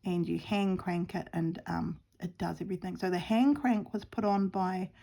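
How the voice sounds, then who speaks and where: With a lowish, creaky, mellow voice, steady tone and moderate pace, a middle-aged New Zealand woman chats casually about crafting. The sewing vlogger rambles and teases herself as she sews outdoors at home, now and then dropping to a murmur.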